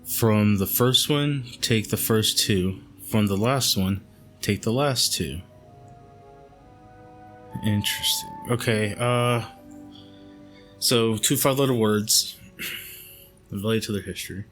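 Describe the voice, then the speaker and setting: A man hosting a game playthrough, reading in-game letters aloud in a calm, measured way with the occasional aside. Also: fairly low pitch, soft background music. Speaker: gaming channel host.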